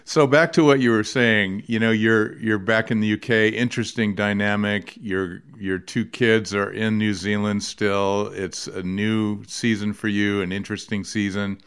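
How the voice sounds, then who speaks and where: A man hosting a conversational interview, friendly and quick to laugh. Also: lowish voice, steady tone, fairly bright tone, clear, resonant tone. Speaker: podcast host.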